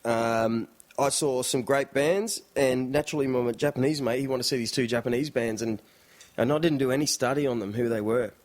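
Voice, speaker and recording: Brief: Aussie vlogger, loose chatty delivery, middle voice. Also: male voice, mid-range voice, fairly quick. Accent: Australian. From Australia. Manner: chatty, rambling, full of fillers and impressions. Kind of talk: casual rambling chat.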